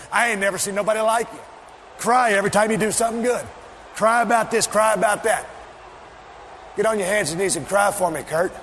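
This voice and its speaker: A man cutting a wrestling promo, taunting and mocking, often shouting. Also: high-pitched. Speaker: pro wrestler. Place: arena. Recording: echoey arena audio with faint background noise.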